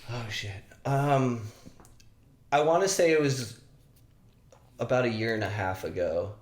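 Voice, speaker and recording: Podcast guest: man, mid pitch, lively and profane storyteller, echoey room. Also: unhurried. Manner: animated, swearing, acts out shouted quotes. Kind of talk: casual storytelling. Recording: roomy echo.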